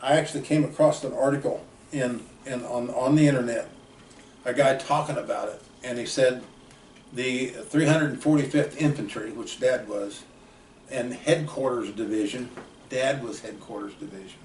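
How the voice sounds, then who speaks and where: A man's voice: medium pitch, moderate pace, darkish tone. Older man spinning rambling war stories. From United States. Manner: plainspoken, rambling, folksy grammar. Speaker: uncle telling family war stories. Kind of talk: casual storytelling. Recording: roomy, distant mic, faint background noise.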